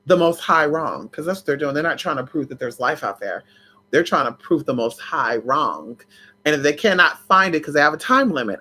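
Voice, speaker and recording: Sassy, dramatic vlogger with a bright voice. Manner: sassy and dramatic, big swoops in pitch, laughs and shouts. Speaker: spiritual vlogger. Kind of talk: casual livestream chat.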